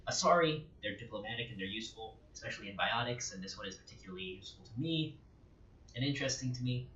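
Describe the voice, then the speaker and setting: A man's voice: medium pitch, expressive, fast, fairly bright tone, slight background noise. Joking man doing gameplay commentary. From United States. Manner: rambling, joking, casual asides. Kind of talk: let's-play commentary. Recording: echoey, dull home recording.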